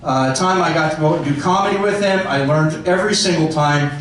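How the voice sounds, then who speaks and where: A man recounting a story about a late comedian at a memorial, halting with fillers. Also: fairly high pitch, a bit bright, a little hiss or hum. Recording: echoey hall from far off.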